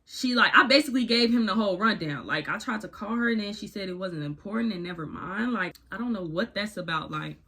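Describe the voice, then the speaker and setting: A woman's voice: mid-range voice, a little fast, hardly any pauses, husky. Slangy woman telling a storytime. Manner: animated, slangy, candid. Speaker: vlogger. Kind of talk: casual storytime narration.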